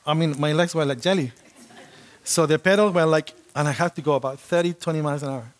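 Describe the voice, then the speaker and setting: Man, preacher, sermon, animated storytelling, acts out voices, fairly high voice. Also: quick pace.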